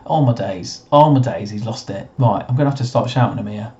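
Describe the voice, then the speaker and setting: A young man with a slightly croaky voice commentates his own football management game, muttering and then bursting into cheers at the screen. His voice is dark and mellow. The recording is a little dull and muffled. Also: lowish voice, a little fast. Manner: excitable, swings between muttering and cheering at the screen. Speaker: gaming commentator. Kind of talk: casual let's-play commentary.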